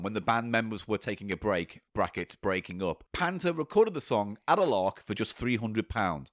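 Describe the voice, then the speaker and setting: A man's voice: fairly low pitch, no echo, studio quality. A man co-hosting a comedy podcast, reading out comments with wry, jokey asides. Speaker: podcast co-host. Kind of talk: casual comedy chat.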